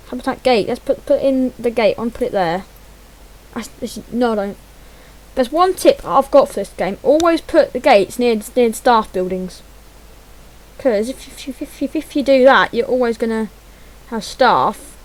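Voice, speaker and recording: Poor audio carries this woman's higher-pitched voice as she hosts a gaming channel. She chats away and pokes fun at herself while fumbling through menus, muttering under her breath.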